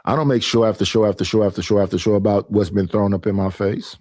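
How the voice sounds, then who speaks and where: A man's voice: fairly low pitch, fairly even intonation, quick pace, a little mellow, dry recording, studio quality. A man hosting his own stream, arguing his points emphatically and repeating them in a casual monologue. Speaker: streamer and panel host.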